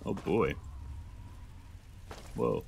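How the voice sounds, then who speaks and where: A man's voice: lowish voice, lively intonation, drawn-out words, gravelly, noisy background. A man giving casual gameplay commentary as a let's play host, rambling and self-deprecating, with lots of hesitant fillers.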